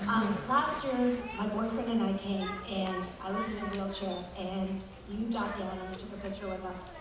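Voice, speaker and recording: A woman fan asks a question, halting and emotional, close to tears. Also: mid-range voice, steady tone, very noisy. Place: large convention hall. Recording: echoey hall from far off.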